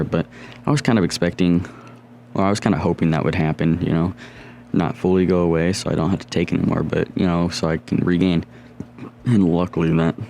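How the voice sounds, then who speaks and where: Very deep-voiced young man rambling a story. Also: darkish tone, slight background noise. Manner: rambling, profane, with frequent restarts. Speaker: vlogger. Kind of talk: casual storytime.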